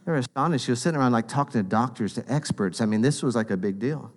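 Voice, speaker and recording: A man's voice: medium pitch, fast. A man preaching a sermon in an earnest, conversational storytelling manner.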